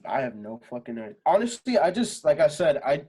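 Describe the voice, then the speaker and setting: A man's voice: fairly high pitch, big pitch swings, brisk, dark tone, breathy edge. A young adult man, a singer guest on a podcast, talking casually and rambling with lots of fillers and swearing. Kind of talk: casual interview chat.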